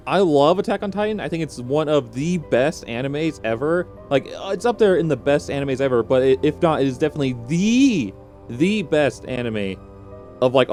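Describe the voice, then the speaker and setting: A man's voice: medium pitch, darkish tone. A young man vlogging, rambling and emotional, with frequent restarts and rising exclamations. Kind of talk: unscripted emotional reaction vlog.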